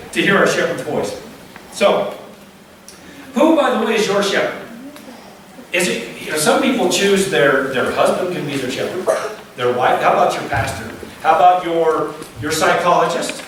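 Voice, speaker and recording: Male pastor, high-pitched, chatty sermon delivery with rhetorical questions, booming church echo, captured from afar. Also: a bit bright. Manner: conversational preaching with frequent check-ins and rhetorical questions. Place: church sanctuary. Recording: echoey church hall from a distance, faint noise.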